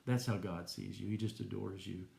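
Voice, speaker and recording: A man giving an earnest, gentle personal faith testimony to viewers. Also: lowish voice, steady tone, moderate pace, vocal fry, reverberant. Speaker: Christian teacher.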